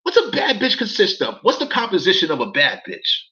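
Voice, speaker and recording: A man's voice: high-pitched, wildly swooping pitch, fairly quick, bright, forceful tone, dull audio. A man, ranting in a casual livestream, talking straight to his chat, repeating himself and swearing as he gets worked up. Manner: heated, profane, repeats phrases, talks to chat. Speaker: livestream commentator.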